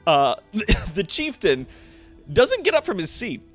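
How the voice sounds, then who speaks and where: A man narrating a tabletop game as game master, casual and quick to laugh. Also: high voice, faint music behind. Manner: laughing easily, lively and casual.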